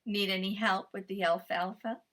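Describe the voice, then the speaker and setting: A woman's voice: medium pitch, steady tone, moderate pace, a bit bright, voice pushed down, close to an everyday voice. Woman voicing a cheeky little guinea pig trickster. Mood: friendly. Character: small, clever male guinea pig trickster.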